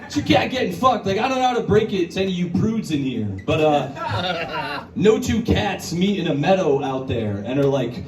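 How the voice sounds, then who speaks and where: A male stand-up comedian doing a crude, conversational set at a brewery show, jumping into high, put-on voices to act out scenes. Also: very animated, normal speed, a crowd in the background. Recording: roomy bar recording from a distance. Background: audience laughter and bar ambience.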